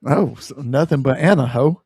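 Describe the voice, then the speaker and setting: A man's voice: medium pitch, normal speed, a little mellow, slightly rough, no echo. A man hosting a podcast in casual chat, joking and swearing, often laughing. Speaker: podcast host.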